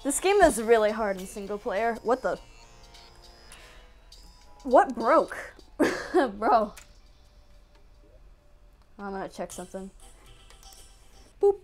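A high-voiced young woman chats unhurriedly through casual gameplay commentary, her pitch leaping about. She is excitable and breaks into sudden yelps and laughs. Faint game music plays underneath. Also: slow, long pauses. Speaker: gaming channel host.

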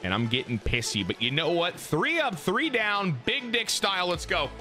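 A man giving live gameplay commentary, excitable and full of profane trash talk. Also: high voice, moderate pace, music in the background. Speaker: gaming YouTuber.

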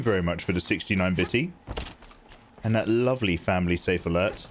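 A man chatting through live gameplay, excitable and jokey, thanking viewers as he plays. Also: sits low, fairly quick, background noise. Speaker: gaming streamer.

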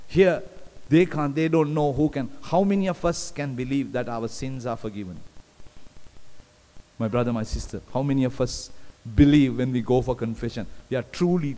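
A man's voice: mid-range voice, dark tone. A man preaching a sermon, repeating phrases and putting questions to the congregation. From Sri Lanka. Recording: long hall reverb, live stream.

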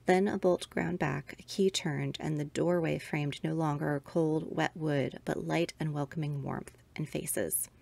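With a lowish, gravelly voice, a woman who hosts a podcast gives a measured, expressive reading of a Victorian ghost story.

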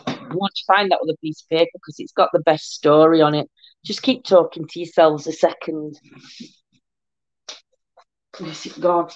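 A woman's voice: sits low, steady tone, normal speed, long pauses, no room sound, muffled recording. A woman in casual chat on a paranormal discussion show, talking hesitantly with many ums and repeated starts.

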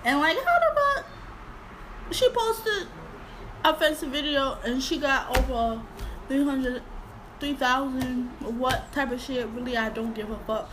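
A woman's voice: high-pitched, animated, measured pace, background noise. A woman hosting a casual reaction video, blunt and outspoken in her commentary.

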